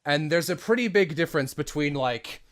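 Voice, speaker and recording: A man hosting a casual chat about voice acting, animated and breaking into demo voices, his voice tired after a long day. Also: fairly high pitch, moderate pace. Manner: animated, demonstrates voices mid-sentence. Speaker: podcast host.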